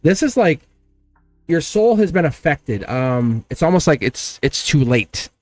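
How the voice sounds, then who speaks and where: A man hosting a members-only tarot livestream in casual chat, animated and laughing often as he talks to his viewers. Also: on the high side, unhurried. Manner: chatty and animated, laughs often, acts out quoted exchanges. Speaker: tarot reader and channel host.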